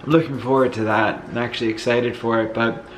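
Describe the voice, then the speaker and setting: Fairly quick and mid-range, a man's voice carries a Northeastern US accent through a low-quality recording with slight background noise. He films a casual vlog while moving around his house, relaxed but tired, rambling and dropping fillers. He has congested lungs and coughs now and then.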